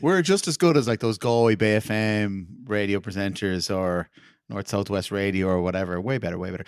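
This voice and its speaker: A man's voice: lowish voice, normal speed, clean tone, no echo. A man hosting a casual podcast with playful, jokey banter. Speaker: podcast host.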